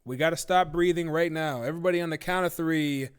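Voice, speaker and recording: A man's voice: fairly high pitch, quick pace, clean tone. A man hosting a live-stream talk show, ranting casually with profanity and disbelief. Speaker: livestream talk show host.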